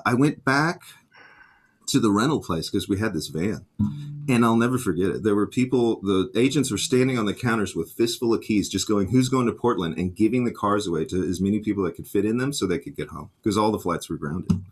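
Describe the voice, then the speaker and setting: A middle-aged man, a guitarist and music teacher, telling lively anecdotes in a casual interview and acting out the voices of the people he quotes. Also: fairly low pitch, brisk, husky.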